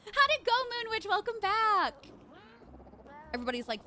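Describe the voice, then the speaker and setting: A young woman streaming a video game live, reacting excitably with swearing and panicked shrieks. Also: very high voice, moderate pace, pauses often, faint music behind.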